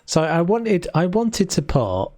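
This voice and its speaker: A man's voice: sits high, sing-song, slow, darkish tone, no echo, studio quality. Chatty man with a London accent. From South London. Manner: chatty and rambling, with frequent restarts. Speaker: game streamer. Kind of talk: casual live-stream chat while building.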